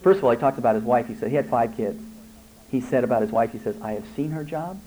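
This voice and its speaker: A man, a family therapist giving an animated workshop talk to parents and answering their questions. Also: mid-range voice, fast, poor audio. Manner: animated, acts out parent and child dialogue.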